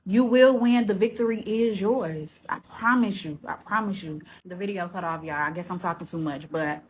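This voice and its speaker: A woman with a lowish voice speaks at normal speed over slight background noise. In her vlog she tells her personal story with casual, heartfelt earnestness before urging listeners, preacher-style, to keep pushing on.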